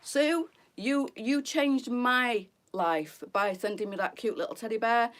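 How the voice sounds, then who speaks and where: A woman's voice: a little high, measured pace. A middle-aged woman hosting a live try-on stream for her boutique, talking in a chatty, heartfelt way and calling her viewers girls. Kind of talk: casual live-stream chat.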